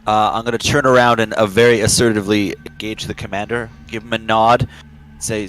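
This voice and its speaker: A man's voice: fairly low pitch, little pitch movement, fairly quick, a bit bright, faint music behind, rough recording. A man playing a tabletop game, speaking formally as his character. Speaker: player.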